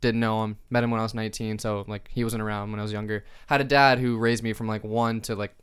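A man hosting a podcast, chatting in a relaxed, open way. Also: fairly low pitch, quick pace, smooth. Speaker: podcast host. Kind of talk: casual chat.

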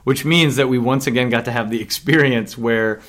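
A man co-hosting a casual podcast chat, teasing and animated. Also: mid-range voice, moderate pace. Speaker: podcast co-host.

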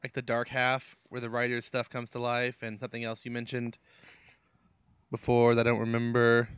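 A man co-hosting a casual movie chat, laid-back and deadpan in his jokes. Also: medium pitch, moderate pace, smooth, no room sound.

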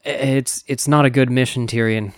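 A man's voice: medium pitch, steady tone, normal speed, dry recording, studio quality. A man talking casually as a podcast panelist, rambling with many fillers. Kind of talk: casual chat.

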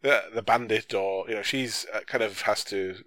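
A man's voice: lowish voice, moderate pace, sharp tone, no room sound. A man in a casual film discussion, talking in a hesitant, wry, slangy way.

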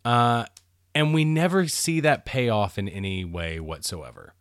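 A man co-hosting a podcast, chatting casually and analytically about a film, quick to laugh. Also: medium pitch, a bit bright, clear, resonant tone, no echo. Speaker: podcast co-host. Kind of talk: casual movie commentary chat.

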